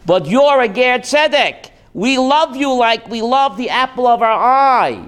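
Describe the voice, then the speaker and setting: A man's voice: very high voice, expressive, unhurried, fairly bright tone, smooth. A man, a rabbi, giving a joking Torah class to a live audience and putting questions to them.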